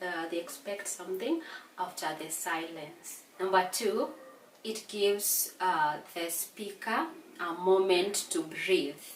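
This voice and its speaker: A woman teacher with a Kenyan English accent takes an unhurried pace through exam revision points, halting now and then to repeat a word. Her voice sits some way from the microphone in an echoing room, with a faint hum of ambience behind it. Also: mid-range voice, far from the mic. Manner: slow, deliberate explaining with hesitations and repeated words. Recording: echoey room, voice away from mic.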